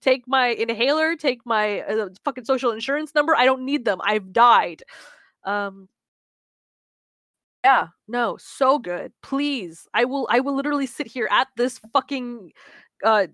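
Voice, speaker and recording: A woman's voice: on the high side, measured pace, fairly bright tone, dry recording, studio quality. A woman co-hosting a podcast in casual chat, gushing and swearing, rambling with fillers. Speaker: podcast co-host.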